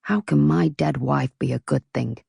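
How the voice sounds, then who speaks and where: A woman voicing a sulky, shady American man, a smuggler, who talks in curt, gruff lines with an American accent. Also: on the high side, moderate pace, a little mellow, no room sound, studio quality, exaggerated voice. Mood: taken aback.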